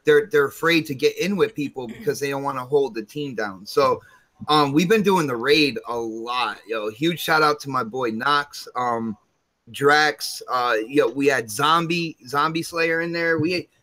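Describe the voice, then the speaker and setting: A man's voice: medium pitch, unhurried, pushed and bright, low-quality recording. A man co-hosting a casual gaming podcast, enthusiastic and rambling, often repeating words as he goes. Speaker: podcast co-host.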